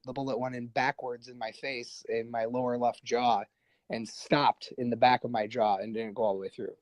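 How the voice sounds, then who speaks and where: A man guest on a podcast telling a war story casually, animated and profane, acting out what others said. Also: medium pitch, moderate pace, no echo, low-quality recording. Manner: animated, profane, acts out quoted voices.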